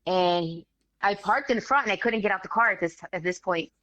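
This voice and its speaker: A woman, a guest telling a story in casual animated talk, acting out the voices of others. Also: mid-range voice, normal speed, no echo, highs cut off. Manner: animated, acts out quoted voices, swears casually.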